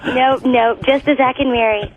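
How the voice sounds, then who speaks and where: Deadpan young woman on a lo-fi line. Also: on the high side, brisk, over a noisy crowd. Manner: playful and deadpan, teasing back. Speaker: radio show guest. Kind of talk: casual radio banter. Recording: dull lo-fi line.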